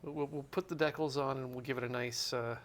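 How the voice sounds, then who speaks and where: A man's voice: mid-range voice, steady tone, fast, fairly bright tone, a little hiss or hum. A man co-hosting a hobby stream, chatting casually and explaining his model build as he works. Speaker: stream co-host. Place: streaming studio.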